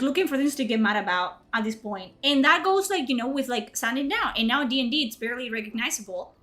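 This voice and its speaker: A young woman talks to her live chat in an indignant, swearing rant that keeps climbing into exasperated outbursts. Her voice sits a little high for a woman. Faint music plays under her voice. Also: fairly bright tone. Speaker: streamer.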